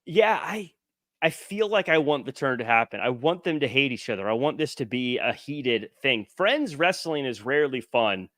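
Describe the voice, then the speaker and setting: Bright, animated male podcast host. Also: mid-range voice, normal speed, dry recording, clean studio sound. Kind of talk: casual chat.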